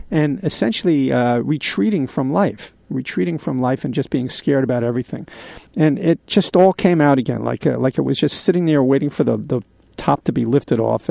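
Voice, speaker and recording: A man in his sixties hosting a radio show, telling a candid personal story in a halting way with many pauses and fillers. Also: on the high side, creaky, dark tone, dry recording. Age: 60s. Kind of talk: confessional radio monologue.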